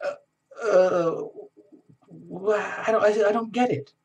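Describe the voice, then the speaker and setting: A man's voice: a little high, big pitch swings, moderate pace, husky. A man voicing a puzzled, earnest seeker who keeps asking how to be happy, in a stammering, questioning way. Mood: bewildered. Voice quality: eager, questioning, with stammering bewilderment.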